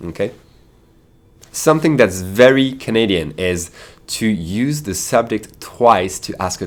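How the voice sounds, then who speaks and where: A man from France with a French accent, teaching a casual video lesson with chatty asides and fillers. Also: low voice.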